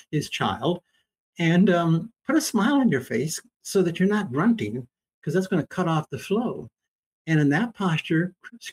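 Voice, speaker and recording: A man in his seventies with a husky, breathy voice that sits a little high for a man. He teaches as a Christian and talks in a folksy, emphatic way, like a man swapping stories over coffee. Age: 70s. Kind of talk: casual conversation.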